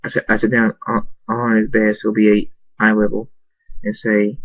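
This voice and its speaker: A man's voice: on the low side, monotone, moderate pace, no room sound, muffled recording. A man reading a fan story aloud, stumbling and restarting words often. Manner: hesitant reading with frequent restarts. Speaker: narrator.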